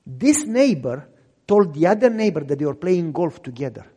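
Male pastor, storytelling sermon, acts out dialogue, husky voice, long reverb. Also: very animated, normal speed. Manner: acts out dialogue with big swings in loudness and pitch. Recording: long reverb in a large hall.

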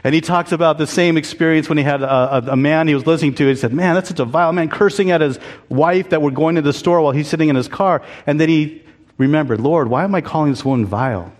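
A man's voice: a little high, fast, in a large hall. A man preaching a sermon as a pastor, candid and conversational, asking the congregation to answer back. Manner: candid, conversational preaching with audience call-and-response. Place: church.

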